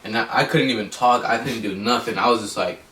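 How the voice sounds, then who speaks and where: A man's voice: fairly low pitch, fast talker, fairly bright tone. A young man telling a story in casual chat, laid-back and hesitant, with ums. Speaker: co-host. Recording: roomy echo, mic at a distance.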